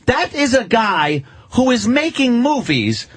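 A man's voice: extremely high pitch, very animated, takes it slowly, breathy edge. A man co-hosting a radio talk show in casual banter, ranting in a profane, emphatic way.

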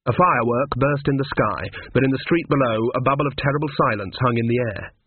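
Male audiobook narrator, husky, steady and wry, phone-like lo-fi sound. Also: medium pitch, fast talker, no echo. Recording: tinny phone-like dry sound.

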